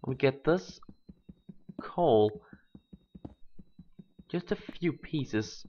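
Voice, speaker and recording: A gaming channel host giving let's play commentary, thinking aloud and bursting into excited exclamations, on a dull lo-fi home mic. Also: mid-range voice, very slow, slight background noise.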